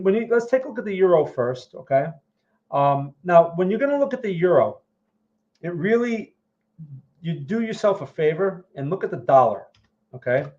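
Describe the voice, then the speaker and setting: A man's voice: fairly high pitch, mellow. Chatty man breaking down market charts. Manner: conversational, keeps checking in with "right?" and "okay?"; repeats and restarts phrases while thinking aloud. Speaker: market analyst host. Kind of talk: live chart analysis answering viewer questions. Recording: dull lo-fi sound.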